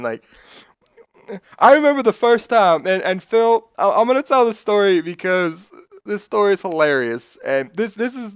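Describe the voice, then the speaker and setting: Male streamer, casual chat, excitable swearing storyteller, dry mic. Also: a little high, dry recording.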